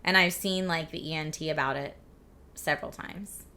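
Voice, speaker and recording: A woman in her forties with a slightly husky, scratchy voice and a lingering cough, hosting a casual live stream and reading viewer chat aloud. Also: sits low, fairly even intonation, normal speed, sharp tone. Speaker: streamer host.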